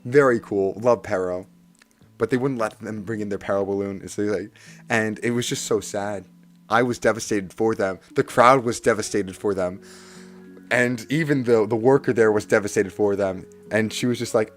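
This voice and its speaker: A man telling a story to his stream in a casual, excitable way, swinging from hushed asides to loud, theatrical bursts and repeating lines for effect. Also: on the low side, moderate pace. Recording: faint music behind the voice.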